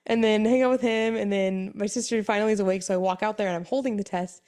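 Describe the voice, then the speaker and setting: Young pregnant woman, co-host, tired, lively storyteller who acts out the voices and laughs often. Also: medium pitch, fast talker, clear, resonant tone. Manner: chatty storytelling, animated quoted voices, frequent laughs. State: pregnant, exhausted from sickness. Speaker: podcast co-host. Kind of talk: casual chat.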